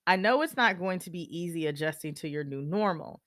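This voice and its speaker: A woman's voice: fairly low pitch, fairly quick, no echo, studio quality. Candid woman podcaster. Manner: candid and animated, acting out quoted exchanges. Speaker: podcast host. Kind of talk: casual advice talk.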